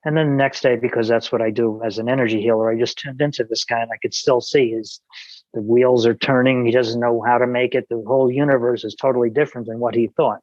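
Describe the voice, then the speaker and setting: A man's voice: medium pitch, fairly even intonation, fast, darkish tone, dry recording, dull audio. A man, a podcast guest, telling an anecdote in casual conversation, with many restarts and quoted dialogue.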